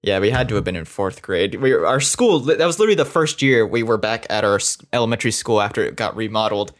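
A man's voice: fairly low pitch, animated, quick pace. A young man co-hosting a podcast, telling a story in casual chat, rambling with lots of fillers. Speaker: podcast co-host.

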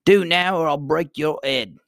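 A man's voice: a little high, a little slow, creaky, fairly bright tone, no room sound, clean studio sound, voice pushed up. A man voicing a bullying young goblin prince who makes blustering threats.

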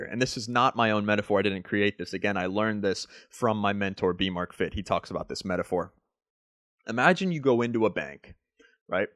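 A man's voice: on the low side, no echo, clean studio sound. A man who works as a fitness coach, talking casually through a solo podcast monologue. He rambles and keeps dropping "like" and "right?".

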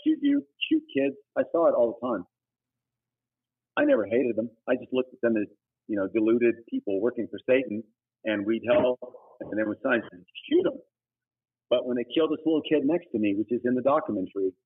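A middle-aged man, a missionary guest, giving an earnest, preachy personal testimony that breaks into sudden emphatic high bursts. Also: lively intonation, brisk, husky. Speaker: guest, humanitarian missionary leader. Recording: tinny phone-like audio.

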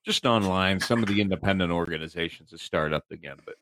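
A man co-hosting a podcast in casual chat, animated and rambling, often stumbling and repeating his words. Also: low voice, quick pace, few pauses, dry recording, clean studio sound. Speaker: podcast co-host.

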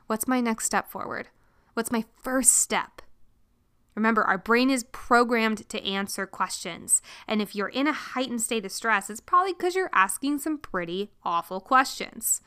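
A young woman hosting a podcast, giving an animated motivational talk, acting out stressed inner voices and swearing casually. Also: a little high, clear, resonant tone. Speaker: podcast host.

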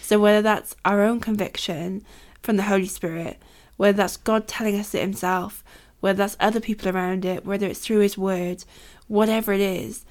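A woman's voice: mid-range voice, steady tone, normal speed, few pauses, a little mellow. A woman co-hosting a faith podcast, chatty and affirming, with a lot of "like" fillers. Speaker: podcast co-host. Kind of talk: faith-based conversational podcast.

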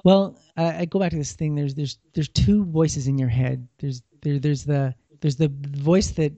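A man's voice: on the high side, steady tone, normal speed, mellow, no echo. A man giving plainspoken money advice in casual talk, often repeating words as he thinks. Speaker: financial guest. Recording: dull lo-fi sound.

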